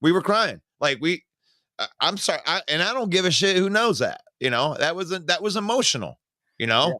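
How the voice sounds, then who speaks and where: A man co-hosting a casual sports talk stream, talking in an emotional, rambling way full of restarts and repeated words. His voice is bright and forceful, recorded dry and close. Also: on the high side, sing-song, fairly quick, no echo. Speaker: sports show co-host.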